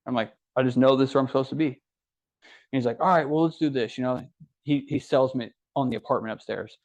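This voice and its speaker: Speaking in a mid-range voice and at a fast pace, a podcast guest, a young adult man from Ohio, relaxes into his story. He performs other people's lines with plenty of animation, all on dull, lo-fi audio.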